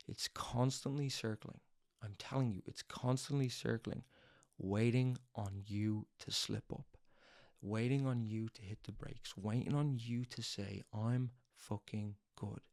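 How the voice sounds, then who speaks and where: A young man hosts a motivational talk in an intense, swearing delivery. His voice sits at an everyday mid pitch, and he drives each point home by repeating it over and over. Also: measured pace, gravelly, a little mellow. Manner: intense, profane, hammering repetition. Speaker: podcast host. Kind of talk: motivational monologue.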